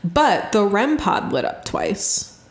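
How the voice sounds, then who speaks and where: A woman's voice: mid-range voice, big pitch swings, slow, reverberant. A woman co-hosting a podcast, telling a story in casual chat, chatty and giggly with lots of fillers. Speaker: podcast co-host.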